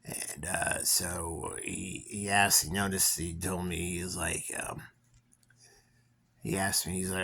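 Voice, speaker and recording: A man's voice: low voice, little pitch movement, unhurried, vocal fry, a bit bright. A young man casually telling a personal story to viewers, rambling with many fillers and restarts. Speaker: vlogger.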